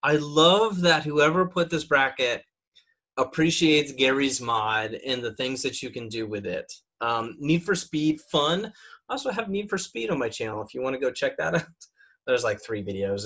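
A young man with a bright, forceful voice chats loosely through a bracket of video games, stopping often on ums and likes. He sounds opinionated and relaxed, like a streamer talking off the cuff. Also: medium pitch, a little slow. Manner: rambling, filler-heavy, opinionated. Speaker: gaming podcaster and streamer. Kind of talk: casual chat.

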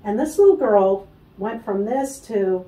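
A woman telling a personal story as a guest in an interview, animated, acting out the voices of other people and laughing often. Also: mid-range voice, unhurried, reverberant, far from the mic, low-quality recording. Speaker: guest, spiritual healer.

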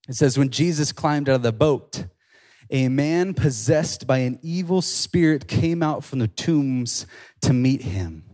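A young man preaching to a youth group in a loose, animated way, slangy and excitable. His voice sits a little high for a man, and he keeps the talk casual and lively while he reads and retells a scripture passage. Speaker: youth pastor.

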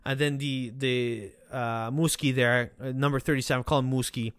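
A man hosting a football podcast, ranting sarcastically and swearing as he talks to the players directly, his voice worn from yelling. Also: medium pitch, steady tone, normal speed, smooth, no echo, clean studio sound. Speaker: podcast host. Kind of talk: casual football rant.

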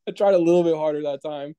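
A man's voice: a little high, brisk, noisy background. A young man in casual chat, rambling through a story and laughing often as he talks.

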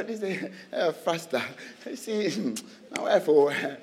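A man preaching a sermon in church, animated, firing questions at the congregation and laughing between lines. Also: a little high, measured pace, in a large hall.

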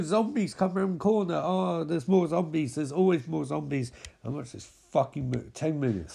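A man's voice: a little high, moderate pace, vocal fry, dark tone, breathy edge. A man giving a mocking, profane recap of a zombie film with lots of exclamations. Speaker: film commentator.

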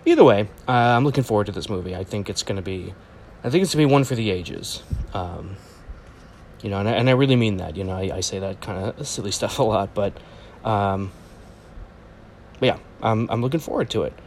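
A man's voice: on the low side, a little fast, a little hiss or hum. A man hosting a comics channel, giving a casual, rambling reaction to a movie trailer with jokey asides and lots of ums. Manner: rambling and excitable, jokey asides, many fillers.

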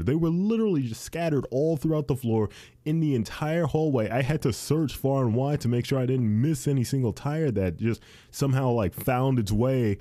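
A man's voice: medium pitch, normal speed, warm tone, dry recording. A man ranting casually to his viewers, swearing freely and saying "dude" at every turn. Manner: swears a lot, says "dude" constantly, ranting. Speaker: dealership tire warehouse worker.

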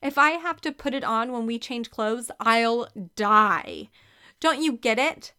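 A woman's voice: on the high side, lively intonation, slow, bright, forceful tone, clear, resonant tone, heavily acted. A woman voicing Ashley, an anxious eleven-year-old girl who talks in a pleading, dramatic way.

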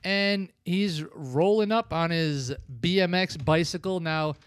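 A man's voice: on the high side, slow, smooth, dry recording, clean studio sound. A man in his thirties casually reviewing an old film, rambling and acting out the scenes in voices. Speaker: podcast co-host. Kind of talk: casual movie-review chat.

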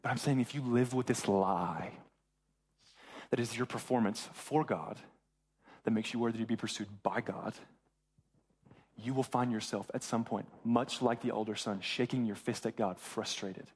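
A young pastor with a husky, medium-pitched male voice preaches at a moderate pace. He retells a Bible story in casual slang, animating it by acting out the characters' lines.

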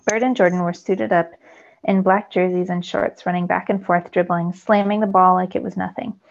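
A woman teacher reading a novel aloud to her students, telling it with lively storytelling that rises with the action. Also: lowish voice, moderate pace, creaky. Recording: dull lo-fi recording.

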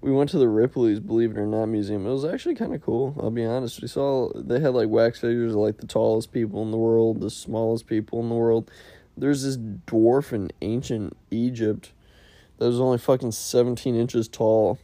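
A man speaks at a moderate pace in a warm, mid-range voice, with no echo, on his casual solo podcast. He drifts around, swears, and makes fun of himself as he goes.

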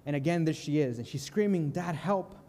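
Young man preaching in a reverberant church. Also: on the high side. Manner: calm, earnest, slows and softens on key lines. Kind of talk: sermon with storytelling. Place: church sanctuary.

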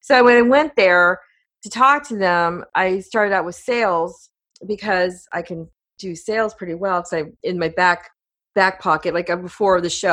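A woman's voice: mid-range voice, a bit bright. A middle-aged woman, a podcast host appearing as a guest, chatting in a rambling, talkative way with frequent laughter. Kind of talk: casual interview chat.

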